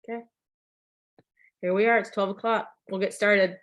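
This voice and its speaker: A woman's voice: mid-range voice, fairly even intonation, normal speed, fairly bright tone. A woman hosting a video call, chatty and enthusiastic, with lots of filler words. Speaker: meeting host.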